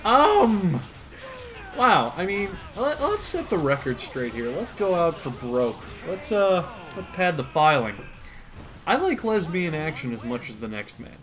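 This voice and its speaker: A man's voice: fairly high pitch, big pitch swings, unhurried, fairly bright tone, faint music behind. A man from the United States giving a sarcastic, profane, rambling comedic reading. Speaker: comedy commentator.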